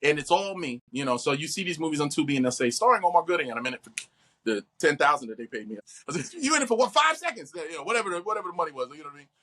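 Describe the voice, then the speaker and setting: A middle-aged man, an actor, talking animatedly in an interview and acting out quoted voices. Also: racing. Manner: expressive, acts out quotes with big pitch jumps.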